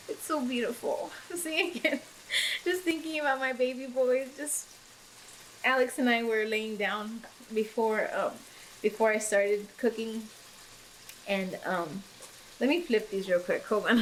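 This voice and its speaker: A young pregnant woman chats in her kitchen, laughing often and getting teary. Her voice sits a little high. A pan sizzles faintly in the background. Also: a little hiss or hum, poor audio. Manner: emotional and giggly, many fillers. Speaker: vlogger. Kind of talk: casual chat while cooking. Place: home kitchen. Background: food sizzling in a pan.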